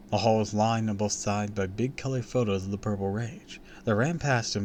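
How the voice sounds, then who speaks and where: A man's voice: on the low side, a little hiss or hum. A man reading a horror story aloud on a stream, dramatic and dropping into whispers for suspense.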